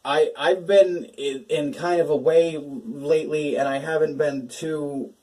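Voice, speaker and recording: A man's voice: on the high side, steady tone, unhurried, darkish tone, far from the mic, low-quality recording. A young man hosting a casual gaming talk, emotional and swearing, laughing between his words. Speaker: gaming channel host.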